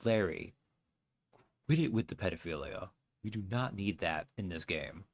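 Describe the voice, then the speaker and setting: A man's voice: deep voice, expressive, normal speed. A man giving wry, chatty commentary while playing a video game. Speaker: let's play host.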